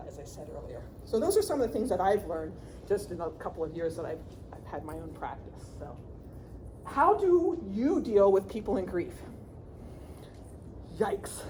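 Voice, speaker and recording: A middle-aged woman giving a workshop talk on grief as a counselor, chatty and lively, often checking in with the audience and laughing. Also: fairly low pitch, background noise.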